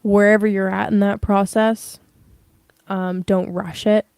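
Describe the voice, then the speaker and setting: Slow, mellow-voiced tarot reader woman. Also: mid-range voice, flat delivery, clear, resonant tone, no room sound. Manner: rambling, emotional, with many fillers and laughs. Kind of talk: casual livestream tarot reading.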